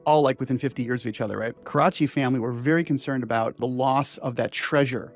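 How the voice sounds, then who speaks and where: A man's voice: medium pitch, fast, faint music behind. A man in his sixties, an inventor telling his story in a loose, digressive interview chat full of "like" and "right?" asides. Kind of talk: rambling conversational storytelling.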